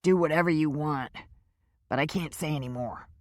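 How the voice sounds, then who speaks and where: A man's voice: on the high side, moderate pace, no echo, clean studio sound, lightly acted. A woman voicing a beaten, frightened male captive who gasps and cries out in pain, in an audiobook. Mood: fearful. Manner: crying out in pain, gasping.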